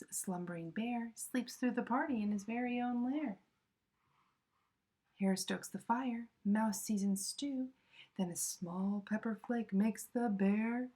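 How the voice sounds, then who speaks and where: A woman reading a children's picture book aloud, soft and often whispering, with a lot of expression. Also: on the high side, unhurried, breathy edge. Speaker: storybook reader.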